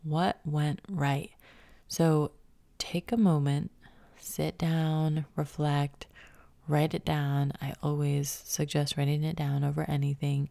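A woman with a low, warm, gravelly voice hosts a solo motivational podcast, often dropping into a breathy half-whisper. She sounds a little stuffy from a cold and stays upbeat and encouraging. The recording is close and dry. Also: no echo. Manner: upbeat, encouraging, laughs at herself. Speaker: podcast host.

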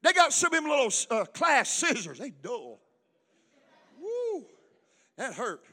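High, bright-voiced preaching man. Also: wildly swooping pitch, measured pace, big-room sound. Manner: preaching, swings from loud shouting to hushed storytelling. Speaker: pastor. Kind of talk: sermon.

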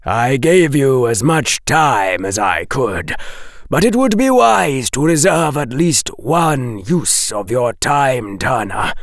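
A man voicing a calm, cold professor. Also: medium pitch, no echo, studio quality, voice pushed up. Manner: calm, measured, detached.

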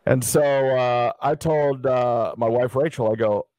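A middle-aged man from Dallas telling stories in a casual interview, lively and acting out the people he quotes. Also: medium pitch, takes it slowly, pauses often, no room sound, studio quality. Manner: animated anecdote teller, acts out quoted people. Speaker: interview guest.

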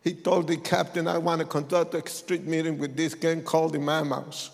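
A man telling his testimony like a sermon, acting out voices and rising to shouts. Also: on the high side, normal speed, vocal fry. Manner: animated, acts out voices, swings to shouts. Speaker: testimony speaker. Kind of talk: preached testimony storytelling. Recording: long hall reverb.

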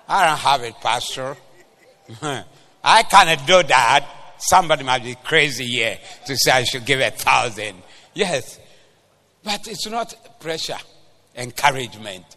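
A Ghanaian man preaches at a church service, his voice pitched a little high and strikingly bright. He moves between English and Twi, rising to loud exhortation and then dropping into quiet, confiding stories from his own life. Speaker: pastor. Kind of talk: preaching a sermon.

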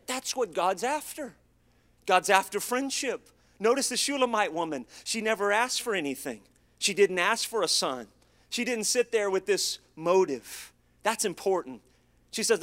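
A man's voice: sits high, animated, normal speed, fairly bright tone. A middle-aged man preaching a sermon in a folksy, storytelling way, calling on the congregation to repeat words after him. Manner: folksy, storytelling, call-and-response. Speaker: pastor.

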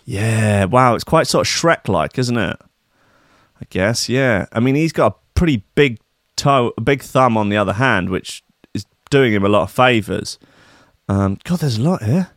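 A man's voice: fairly low pitch, lively intonation, moderate pace, fairly bright tone, no room sound, clean studio sound. A man hosting a comedic news commentary, reading stories aloud with sarcastic, crude, rambling asides. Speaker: host.

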